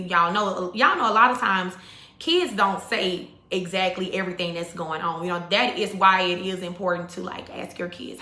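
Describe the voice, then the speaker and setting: A woman who is a spiritual YouTuber and mother tells her viewers a personal story, talking straight to them in a casual, rambling way. Her mid-range voice is bright and forceful at a moderate pace, full of "like" and "you know," and she calls them "y'all," all in an echoey room.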